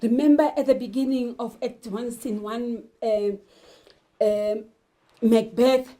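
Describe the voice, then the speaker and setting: A woman's voice: fairly high pitch, steady tone, slow, mellow, low-quality recording. A woman teaching a literature lesson, talking emphatically and putting questions to her learners. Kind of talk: televised classroom lesson.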